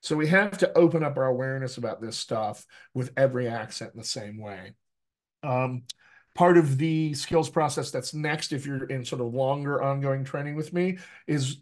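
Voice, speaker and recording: A mid-pitched American man talks actors through accent work in a live online session. He is lively and teacherly, and keeps checking in with his listeners. The sound is that of a video call. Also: normal speed. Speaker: dialect coach. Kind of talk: live online coaching talk.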